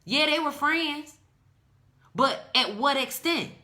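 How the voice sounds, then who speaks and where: A woman's voice: sits high, lively intonation, slow pace, pushed and bright. A woman hosting a podcast, delivering an impassioned, preachy monologue with indignant emphasis. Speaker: podcast host.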